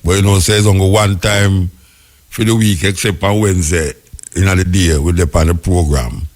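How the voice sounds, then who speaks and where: A Jamaican man hosting a radio talk show, musing in patois-laced commentary, his pitch jumping up when he is incredulous. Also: steady tone, moderate pace, darkish tone. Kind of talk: spoken commentary.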